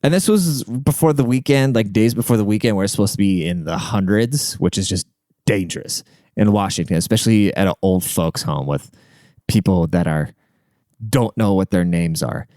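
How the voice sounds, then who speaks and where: A man's voice: low-pitched, moderate pace, warm tone, dry recording, studio quality. A young man hosting a podcast, telling stories in a rambling, profane, conversational way. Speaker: podcast host. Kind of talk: casual storytelling monologue.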